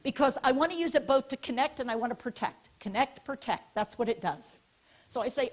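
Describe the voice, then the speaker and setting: High-pitched woman giving a keynote, bossy-fun, keeps telling the crowd do this, quizzes them. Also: a little fast. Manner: animated, directive, asks the audience questions and leads hand gestures. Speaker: keynote speaker. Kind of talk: interactive conference lecture. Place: conference hall stage.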